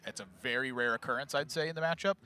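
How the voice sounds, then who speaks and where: A man's voice: medium pitch, very fast, pushed and bright, clear, resonant tone. A man casting a live card-game match, chatty and playful, joking with his co-caster. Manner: chatty, playful, laughs often. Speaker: esports caster.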